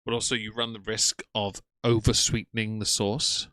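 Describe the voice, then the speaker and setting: A man's voice: on the low side, flat delivery, moderate pace, sharp tone, dry recording. A young man giving casual, sarcastic live-stream commentary and talking to his chat. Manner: chatty, sarcastic, greets chat by name. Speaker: streamer reacting to videos.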